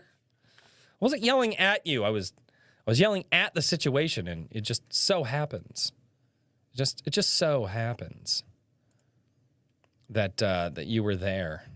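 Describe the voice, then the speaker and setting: A man's voice: fairly high pitch, sing-song, moderate pace, pauses often, a bit bright, dry recording. Chatty man hosting a dry livestream. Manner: chatty storyteller, reads chat aloud. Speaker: livestream podcast host. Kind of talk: casual livestream chat.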